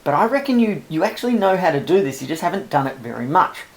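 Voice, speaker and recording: Gravelly man explaining software. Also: a little high, quick pace. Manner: relaxed, chatty, self-amused explaining. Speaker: publisher teaching new authors. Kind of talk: screen-recorded software tutorial.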